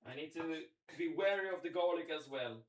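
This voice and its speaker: Cooking live at home, a man keeps up relaxed commentary for his viewers, thinking out loud as he works. He speaks a little fast in a voice on the high side.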